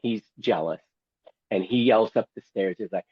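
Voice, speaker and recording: A man's voice: lowish voice, moderate pace, husky, dry recording, narrow, tinny audio. A man who is a guest and memoir author, telling a story theatrically and with humor, acting out other people's voices. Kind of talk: storytelling, reading from his memoir.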